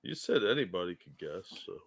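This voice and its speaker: A man's voice: deep voice, sing-song, fairly quick, gravelly. A man co-hosting a live stream, cracking dry teasing jokes at his partner. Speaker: co-host of a live stream show. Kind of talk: casual live stream chat.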